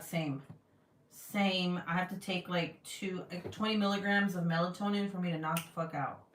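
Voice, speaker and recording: A woman's voice: medium pitch, a bit bright, recorded from a distance. A middle-aged woman hosting a craft livestream, chatting casually with viewers, laughing at herself and swearing freely. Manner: giggly, self-mocking, swears casually. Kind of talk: casual livestream chat reading comments. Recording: roomy sound, voice away from the mic.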